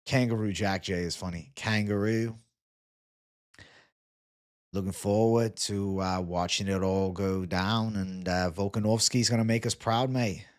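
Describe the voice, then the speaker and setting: A man's voice: lowish voice, steady tone, measured pace, close to an everyday voice. A man playing a brash adult Australian fight fan, with a put-on Australian accent and a loose, rambling, hyped-up way of talking. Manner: loose, rambling hype with "mate" and fillers.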